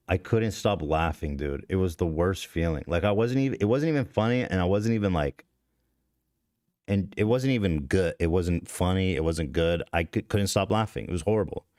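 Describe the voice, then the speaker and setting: A man with a low, deep voice tells a confessional story on a podcast. He rambles, swears freely and cuts himself off mid-sentence. The sound is close and dry. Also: darkish tone, no echo. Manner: rambling, profane, self-interrupting. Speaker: podcast host.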